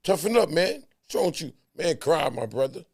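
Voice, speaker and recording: A man's voice: fairly high pitch, expressive, fairly quick, vocal fry, slightly rough. A man in a casual heart-to-heart talk, emphatic and preachy, repeating words to drive points home.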